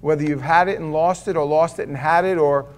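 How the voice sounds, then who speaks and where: A man preaching in church, his voice sitting a little higher than most men's. He tells his sermon as a loose, conversational story and keeps asking the room rhetorical questions. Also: steady tone, a little fast. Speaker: pastor.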